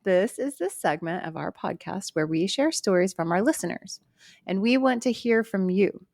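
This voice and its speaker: A woman co-hosting a paranormal podcast, chatting casually and reading a listener's story aloud in an earnest, steady way. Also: mid-range voice, normal speed, gravelly, no room sound. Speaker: podcast co-host.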